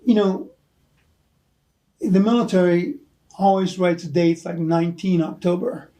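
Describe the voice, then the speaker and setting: A man's voice: high-pitched, steady tone, a little slow, mellow, poor audio. An older American man, an Army veteran, telling rambling anecdotes in an oral history interview, chuckling often. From United States. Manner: rambling anecdotal storyteller, chuckles, many "you know"s. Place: hotel room.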